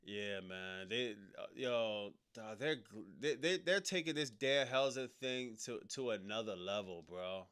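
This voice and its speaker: A man streaming a casual reaction chat, slangy and rambling, and working himself up into loud, incredulous rants. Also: on the low side, expressive, a little slow, hardly any pauses, clear, resonant tone. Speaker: streamer reacting to a wrestling show.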